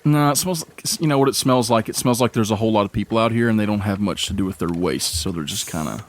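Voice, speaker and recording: A man's voice: on the low side, fast talker. A man narrating as game master of a tabletop game in a casual, rambling way. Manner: casual, rambling, many fillers.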